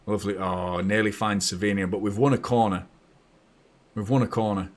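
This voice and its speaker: A man hosting a live match watchalong, chatty and blunt, bursting into excited shouts when his team scores. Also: on the low side, a little fast. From north of England. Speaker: fan channel host.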